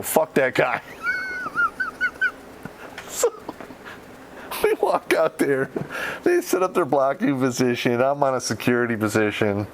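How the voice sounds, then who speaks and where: Lively profane man telling an Army story. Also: mid-range voice, slight background noise. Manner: profane, laughs through the telling. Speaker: podcast storyteller. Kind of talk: casual war story.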